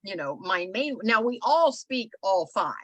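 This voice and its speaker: A middle-aged woman co-hosts a relaxed talk show and tells stories in an animated way. She uses lots of conversational filler. Her voice sits at a middle pitch and is recorded dry and close. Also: measured pace, dry recording. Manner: animated storyteller, many filler phrases. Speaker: podcast co-host. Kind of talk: casual storytelling chat.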